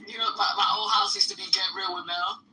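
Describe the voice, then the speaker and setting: Teasing new lady laughing through a podcast chat, bright voice, a bit off mic. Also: mid-range voice, steady tone, quick pace, far from the mic, slight background noise, low-quality recording. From New York. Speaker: podcast co-host. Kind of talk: casual banter.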